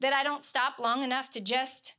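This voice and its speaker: A woman with a fairly high, bright and forceful voice leads a casual Bible study. She talks in an earnest, conversational way and repeats words for emphasis. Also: flat delivery, moderate pace.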